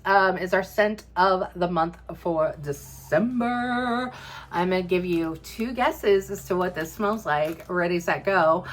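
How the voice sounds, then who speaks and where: A woman's voice: fairly low pitch, slow pace. A woman giving a bubbly, chatty product review, talking straight to her viewers with playful asides. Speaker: vlogger reviewing home fragrance.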